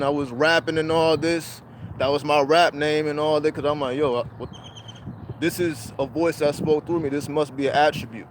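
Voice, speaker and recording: A man's voice: fairly high pitch, background noise. A man hosting a livestream, telling a personal spiritual story in casual, profane street slang. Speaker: livestream host.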